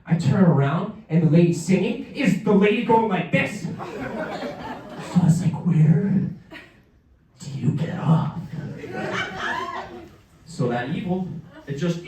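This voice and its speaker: A man's voice: moderate pace, recorded from a distance, background noise. A man performing stand-up comedy, telling a story and acting out the people in it with sudden jumps in his voice. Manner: animated, acts out characters with pitch jumps. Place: comedy show in a museum hall. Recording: roomy live venue, mic heard from afar.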